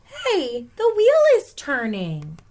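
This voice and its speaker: A woman's voice: wildly swooping pitch, slow pace, a little mellow, exaggerated voice. A woman doing a shrieking, panicky little pencil. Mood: panicked. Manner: shrieking, high and frantic.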